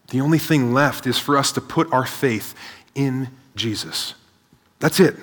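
A man preaching a sermon to a seated audience, energetic, asking rhetorical questions and often adding "right?". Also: mid-range voice, unhurried. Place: large hall with a live audience. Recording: long hall reverb.

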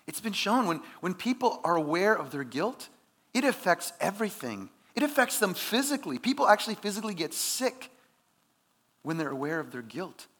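A man's voice: a little high, a bit bright. A man preaching a sermon in an earnest, conversational way, with emphatic rises. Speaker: pastor.

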